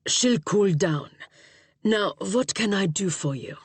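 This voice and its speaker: A man's voice: sits high, lively intonation, slow pace, breathy edge, no room sound, heavily acted. A woman voicing a male police chief who talks in a dry, matter-of-fact way. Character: Interpol chief, male boss, brisk and political.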